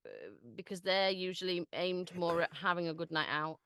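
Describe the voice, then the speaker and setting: A woman in her thirties with a Manchester accent talks casually and laughs a lot, dropping the odd swear word. Her voice sits a little low. The sound is dry and close. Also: steady tone, moderate pace, fairly bright tone, smooth, no room sound. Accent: Mancunian. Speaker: guest voice actor. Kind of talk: casual podcast chat.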